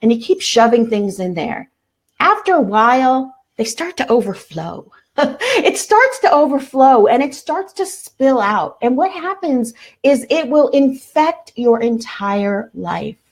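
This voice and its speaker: A woman's voice: sits high, very animated. Earnest woman hosting a self-help talk. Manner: earnest, repeats slow affirmations. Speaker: self-help show host.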